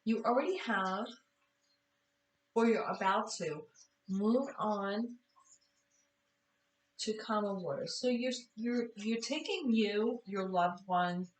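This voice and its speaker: A woman's voice: medium pitch, slow, pauses often, roomy sound, distant mic, poor audio. A woman giving a casual tarot reading, tired and chatty, apologizing and correcting herself as she goes. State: tired, yawning. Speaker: tarot reader.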